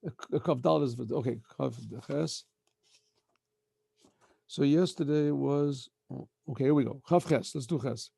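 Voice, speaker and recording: Middle-aged rabbi guy teaching, gravelly and kinda dark, keeps clearing his throat and fixing himself. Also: fairly high pitch, unhurried, long pauses, dry recording, clean studio sound. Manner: frequent throat-clearing, self-correcting and meandering. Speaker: rabbi teaching a daily class. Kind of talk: casual spoken lesson.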